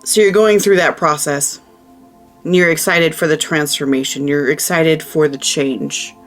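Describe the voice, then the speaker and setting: A woman's voice: deep voice, unhurried, soft background music. A woman giving a casual tarot reading, chatty and emphatic, who often repeats her phrases. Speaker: tarot reader.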